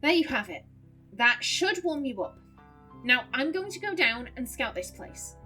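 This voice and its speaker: A stressed man at the end of his rope, read by a woman. He speaks in curt, harsh lines, and the voice sits fairly high. Soft game music runs behind him. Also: big pitch swings, unhurried, exaggerated voice. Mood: businesslike.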